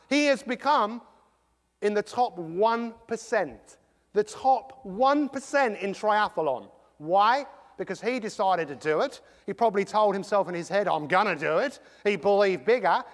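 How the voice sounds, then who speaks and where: A middle-aged man giving an energetic motivational talk, quizzing the audience as he goes. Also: high voice. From England. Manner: energetic, rhetorical, quizzes the crowd. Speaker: motivational speaker. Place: large conference hall. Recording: long hall reverb.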